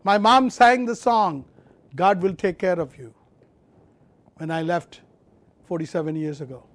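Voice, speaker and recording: Impassioned high-voiced male preacher. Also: no room sound. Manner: impassioned, swinging from loud emphatic to quiet low; repeats phrases, draws out key words slowly. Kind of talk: sermon.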